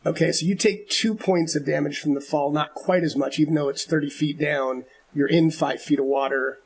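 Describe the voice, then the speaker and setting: A man's voice: fairly high pitch, steady tone, moderate pace, breathy edge. A man narrating as game master, patiently explaining the rules step by step.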